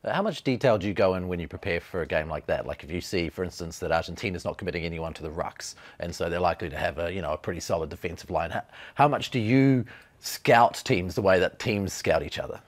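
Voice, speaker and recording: A man hosting a podcast, asking curious questions in a brisk way. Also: low voice. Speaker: podcast host. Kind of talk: interview questions. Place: studio.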